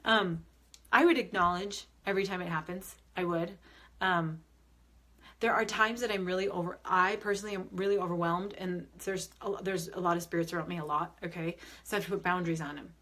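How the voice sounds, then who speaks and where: A woman's voice: on the low side, fairly even intonation, a little fast, fairly bright tone. A young adult woman medium hosting a live stream, talking to viewers through a phone or webcam. She is upbeat and chatty, reads comments aloud and answers them, with plenty of fillers and restarts. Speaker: medium and spiritual advisor. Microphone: phone or webcam on a live video stream.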